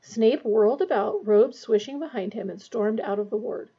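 A woman's voice: a little high, moderate pace, husky. A woman reading a novel aloud expressively, with a dull lo-fi recording. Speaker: audiobook reader.

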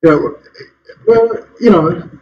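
A man's voice: high voice, takes it slowly, lo-fi sound, slight background noise. A man preaching a sermon as pastor in a church, asking rhetorical questions and chuckling between points. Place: church hall.

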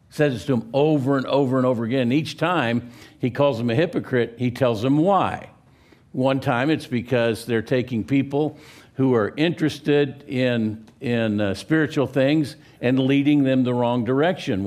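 A man with a Texan accent preaching a sermon in a church, telling stories in a folksy way and pausing to restart his phrases. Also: mid-range voice, darkish tone. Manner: folksy storyteller, pauses and restarts. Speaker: pastor. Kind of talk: sermon with a story. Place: church sanctuary.

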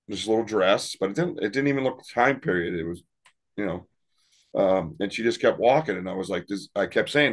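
A man with a lowish voice tells his paranormal stories in a loose, rambling way. He laughs often and restarts his sentences as he goes. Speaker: paranormal investigator and podcast guest. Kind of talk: casual interview storytelling.

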